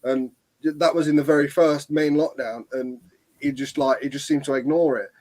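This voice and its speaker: A young man, rambling through a story with lots of pauses in casual chat. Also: on the high side, steady tone, a little mellow, poor audio. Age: young adult. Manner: rambling, lots of ums and likes.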